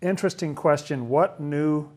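Man, somewhat high-pitched, casual Bible study teacher. Questioning, conversational delivery with restarts. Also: moderate pace, a little mellow. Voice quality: asks lots of questions, chatty, stumbles and restarts.

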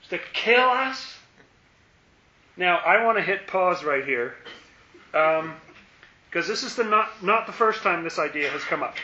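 A man with a fairly high, bright voice leads a Bible study, quizzing his listener and acting out verses with playful exasperation. He is recorded in an echoey room with slightly dull sound and faint background noise. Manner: asks questions, dramatizes the verses with playful exasperation. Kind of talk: interactive scripture lesson.

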